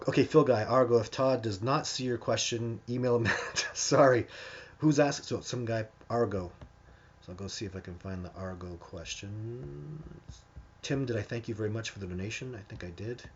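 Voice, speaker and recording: A man's voice: lowish voice, highs cut off, slight background noise. A man hosting a live stream, answering viewer questions in a casual, emphatic way and often restarting his sentences. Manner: emphatic and animated, with frequent restarts.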